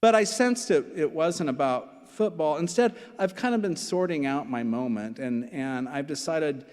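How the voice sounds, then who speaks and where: A man's voice: a little high, animated, moderate pace, a little mellow. A man in his sixties, a pastor preaching a sermon, telling personal stories with asides and repeated phrases. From Nebraska. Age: 60s. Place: church sanctuary. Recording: long hall reverb from church.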